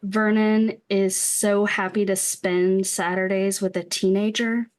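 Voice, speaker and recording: A woman's voice: mid-range voice, flat delivery, unhurried. A middle-aged woman co-hosting a podcast, chatting casually about a film, laughing often and trailing off with fillers. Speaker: podcast co-host.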